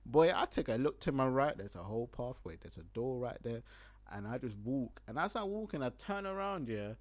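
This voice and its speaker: A young man with a London accent tells a story on his podcast, his voice jumping up and down as he gets into it. He is animated, acts out his own words loudly and laughs a lot, at an ordinary middle pitch. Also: fairly quick. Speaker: podcast host. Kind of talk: casual storytelling monologue.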